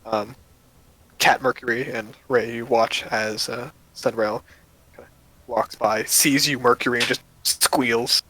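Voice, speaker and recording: A man narrating as game master in a loose, relaxed storytelling manner. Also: mid-range voice, measured pace, slight background noise, poor audio.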